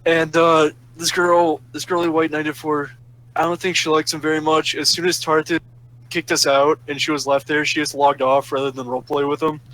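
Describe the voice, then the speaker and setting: A man's voice: fairly high pitch, level tone, normal speed, fairly bright tone, rough recording. A man telling a long story in a casual, profane rant, sarcastic and flaring up angry. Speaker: storyteller ranting about a roleplay server. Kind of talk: casual ranting monologue.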